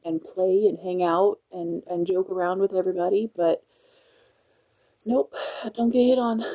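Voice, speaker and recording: A woman chats upbeat and easygoing on a phone livestream. Her voice has a mellow, warm tone at a middle pitch. She talks like a base cook catching up with viewers, often restarting mid-sentence. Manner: chatty and upbeat, with frequent restarts. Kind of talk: casual livestream chat.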